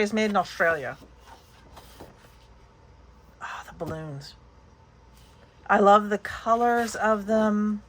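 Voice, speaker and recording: A woman hosting a papercraft channel, chatting casually through an unboxing haul, gushing and excitable, now and then breaking into high squeals.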